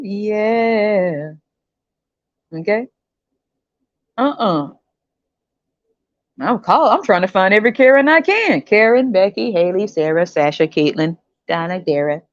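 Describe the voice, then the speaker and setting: A woman hosting a podcast in a casual comedic rant, animated and slangy, often breaking into laughter. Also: mid-range voice, normal speed, no echo, muffled recording. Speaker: podcast host.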